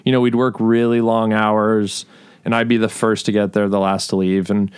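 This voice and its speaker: Easygoing man with a smooth voice. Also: fairly low pitch, flat delivery, dry recording. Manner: halting, full of "like" and restarts, easygoing. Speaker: guest, writer. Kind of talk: casual chat.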